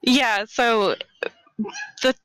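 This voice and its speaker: A woman's voice: on the high side, fairly even intonation, very slow, fairly bright tone, smooth, no room sound, low-quality recording. A woman from Canada interviewing a guest, asking questions and explaining things in a chatty way. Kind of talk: casual interview chat.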